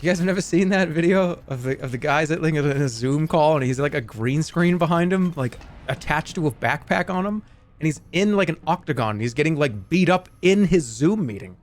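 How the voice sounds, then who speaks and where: A man's voice: fairly high pitch, lively intonation, brisk. A man streaming a game, rambling and joking in casual chat while reading viewer messages aloud. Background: faint game music.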